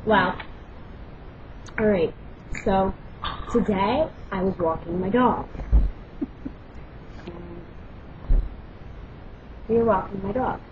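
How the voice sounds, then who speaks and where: A young woman vlogging casually, loud and brash, swearing freely and rambling through quick stories. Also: mid-range voice. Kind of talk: casual chat and storytelling. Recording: lo-fi home recording with background noise.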